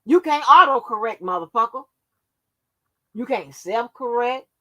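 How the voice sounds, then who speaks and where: A woman's voice: a little high, animated, a little slow, bright, forceful tone. A woman hosting her own channel, delivering a profane, confrontational rant that scolds her viewers. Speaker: channel host.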